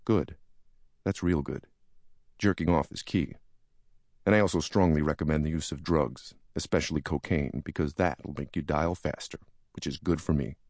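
A man playing a big, brash senior stockbroker in an audiobook, soothing and conspiratorial. The delivery is deep and gravelly, and the recording sounds dry and close. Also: normal speed, a little mellow, no echo.

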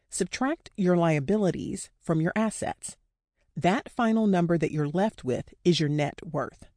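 A woman's voice: fairly low pitch, dark tone, no room sound, clean studio sound. A woman narrating an audiobook in a candid, conversational way with casual slang. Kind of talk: scripted narration.

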